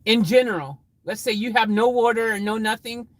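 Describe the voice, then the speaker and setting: This man rambles excitedly on a livestream, laughing often as he reads out comments from chat. He speaks briskly in a high register, with no room sound on a low-quality recording.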